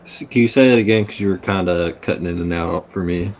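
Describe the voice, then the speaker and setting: Man, low voice, casual player, faint hiss. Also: quick pace. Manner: relaxed, laughing, filler-heavy. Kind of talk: casual tabletop play.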